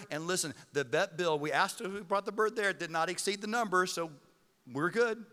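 Animated middle-aged male pastor, bright voice. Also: high voice, a little fast. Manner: animated storytelling with sudden loud outbursts. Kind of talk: sermon. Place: church auditorium. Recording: reverberant hall with music.

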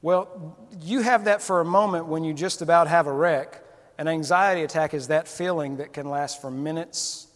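A preacher giving a candid, conversational sermon and acting out little quotes. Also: male voice, fairly high pitch. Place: church sanctuary. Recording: long reverb of a church hall.

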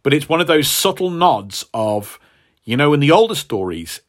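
A man's voice: fairly high pitch, sing-song, moderate pace. A man, a podcast co-host, casually retelling a comic story and acting out the characters' lines. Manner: rambling retelling, acts out quotes. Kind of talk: casual chat.

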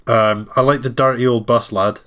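A man's voice: mid-range voice, steady tone, normal speed, a bit bright, clean tone. A man co-hosting a casual film review chat, talking freely with frequent laughs and ums. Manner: chatty, laughs often, many ums. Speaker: podcast co-host.

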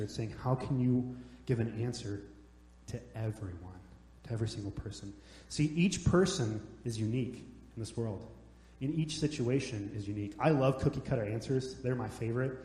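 A young adult man preaching a sermon, telling jokes and stories in a relaxed, conversational way. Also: medium pitch, fairly quick. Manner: joking, conversational storytelling. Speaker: pastor. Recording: echoey hall, long reverb.

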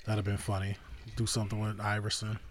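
A man co-hosting a casual podcast chat, laughing often and acting out scenes in quick put-on voices. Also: on the low side, monotone, a little hiss or hum. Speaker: podcast co-host.

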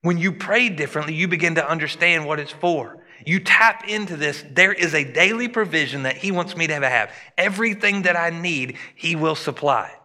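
A man preaching a sermon as pastor, animated and rising and dropping his voice for emphasis. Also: a little high, normal speed, few pauses. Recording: long hall reverb.

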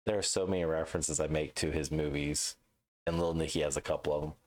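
A man with a very low voice co-hosting a casual podcast chat. He rants with plenty of swearing and jumps into quick impressions of the people he quotes. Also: fairly even intonation, darkish tone. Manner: profane, ranting, acts out quoted voices. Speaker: podcast co-host.

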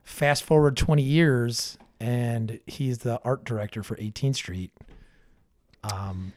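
Slow and darkish in tone, with a medium pitch, a brewery owner in his thirties guests on a podcast. He keeps things relaxed and crude, with plenty of swearing, filler words and restarts.

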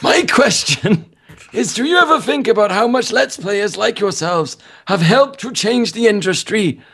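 A man voicing a raspy old man who sounds like he smoked all his life, in a high quavering put-on voice. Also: lively intonation, a little slow, a bit bright, exaggerated voice. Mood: mock earnest.

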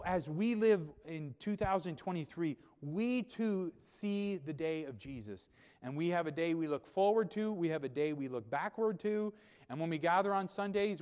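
A man, a pastor, preaching a sermon in a church sanctuary, talking conversationally and building to emphatic, loud peaks. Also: on the high side. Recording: reverberant hall.

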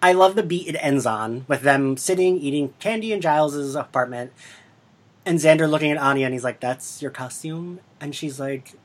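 This podcast host chats casually with fans, giggling often and quoting scenes in quick bursts. The voice sits at a middle pitch. They lead the talk and hand the mic from guest to guest. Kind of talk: casual fan chat.

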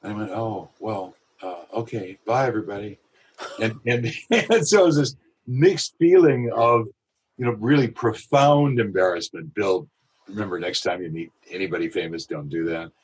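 A male voiceover artist telling a lively anecdote in an interview, with a husky voice. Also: fairly low pitch, moderate pace, low-quality recording. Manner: animated anecdotal storytelling. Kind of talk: storytelling in an interview.

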